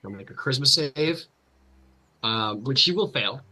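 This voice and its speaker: Bright, husky-voiced man running the game. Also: medium pitch, lively intonation, moderate pace, rough recording. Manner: loose, filler-heavy, many "like"s. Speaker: game master. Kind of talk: narrating a tabletop game.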